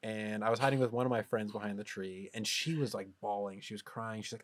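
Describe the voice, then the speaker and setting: A man co-hosting a podcast, telling a personal story in casual chat with animated bursts of laughter. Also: fairly low pitch, brisk, dry recording. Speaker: podcast co-host.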